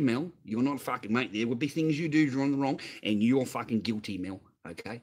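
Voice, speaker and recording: Australian male streamer, husky, mid-pitched, swears nonstop in a heated rant. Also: moderate pace, hardly any pauses, a little mellow. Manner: profane, heated, repetitive. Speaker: livestream host. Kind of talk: ranting livestream chat answering viewers.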